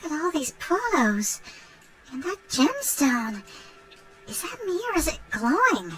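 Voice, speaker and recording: A woman's voice: high-pitched, very animated, unhurried, over a noisy crowd, poor audio. An actress voicing a curious, nervous young woman in a video game, speaking hesitantly.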